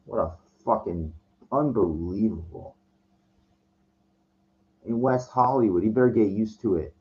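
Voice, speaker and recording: Speaking at a measured pace in a lowish voice, a male vlogger rants casually through a story, worked up and swearing, often tripping over and restarting sentences. It's captured on a dull lo-fi recording.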